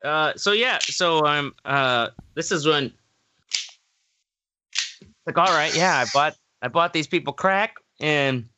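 A man's voice: a little high, slow, long pauses, background noise. A young man casually telling a long story on a podcast, rambling with fillers and laughs. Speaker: podcast co-host.

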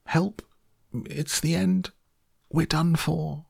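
A man voicing an excitable, fearful old grandfather in a storybook reading, crying out in high, cracking shouts. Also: a little slow, husky, no room sound, studio quality, heavily acted. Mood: alarmed.

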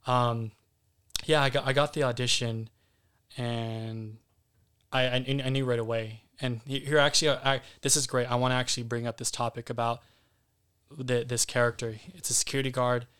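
A man's voice: medium pitch, flat delivery, moderate pace, fairly bright tone, smooth. A man as guest actor on a podcast, talking candidly and casually, with some swearing.

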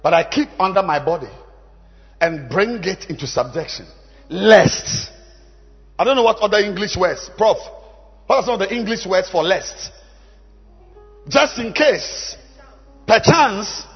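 A man, a bishop, preaching a sermon, shouting lines and leading the congregation in repeated call-and-response chants between quieter asides. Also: high-pitched, expressive, a little slow, pauses often, breathy edge, big-room sound, highs cut off, faint music behind.

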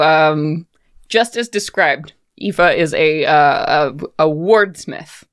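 A woman's voice: deep voice, slow, clean tone. A woman narrating a tabletop game as game master, loose and casual, swearing freely.

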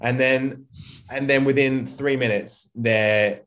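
A man, a marketing expert and guest on a podcast, talking in a relaxed, rambling way and acting out quoted speech. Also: mid-range voice, takes it slowly. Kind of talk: casual podcast chat.

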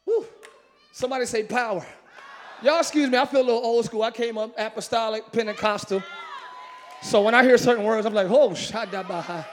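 High-voiced man preaching with shouts. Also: fairly even intonation, a little fast, pauses often, slight background noise. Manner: swings from shouting to quiet, jokes with the congregation; bursts into shouts and ecstatic exclamations. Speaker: pastor. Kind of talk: energetic preaching sermon. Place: large church sanctuary with congregation.

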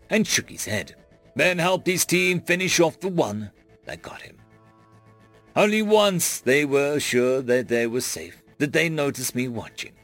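A man narrating a story in a measured, expressive storytelling style. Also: fairly high pitch.

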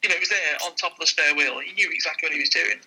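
A man with a high, bright, somewhat husky voice tells anecdotes at a quick clip. He acts out each exchange in his story. The sound is thin and tinny, like a phone line. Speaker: guest, former car dealer. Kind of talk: casual storytelling.

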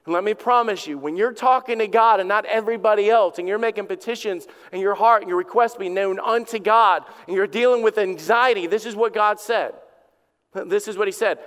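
A man preaching a Sunday-style sermon with a high, clear, resonant voice. He talks to the congregation casually, stumbling over repeated words and acting out little conversations. The sound rings with long reverb from a church hall. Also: brisk, a bit bright. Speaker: lead pastor.

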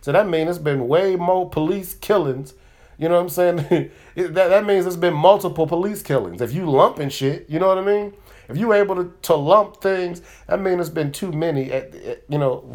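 This podcast host has a somewhat high voice with a darkish tone. His casual comedy monologue rambles, gets heated and profane, and is packed with fillers and restarts.

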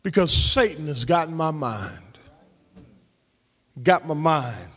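A man preaching a sermon as pastor, calling out to the congregation and rising into shouts and half-sung lines. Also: a little high, very animated, slow pace, in a large hall. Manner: call-and-response preaching, shouting and half-singing. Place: church sanctuary.

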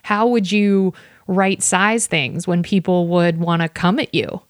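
A woman's voice: lowish voice, fairly even intonation, measured pace, no echo, studio quality. A woman hosting a casual chat, chatty and self-deprecating as she asks about past jobs.

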